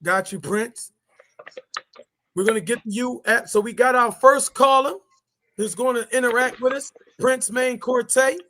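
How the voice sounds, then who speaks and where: A man's voice: very high voice, fairly even intonation, measured pace, sharp tone. A man hosting a boxing podcast, reading updates and putting questions to a caller. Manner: reads updates, then hands over to the guest with questions. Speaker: podcast host.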